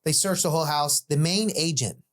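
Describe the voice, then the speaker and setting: A man's voice: on the high side, brisk, fairly bright tone. A man telling a story from his own life in casual podcast chat, rambling and profane, full of "like" and "dude", acting out the voices of the people in it.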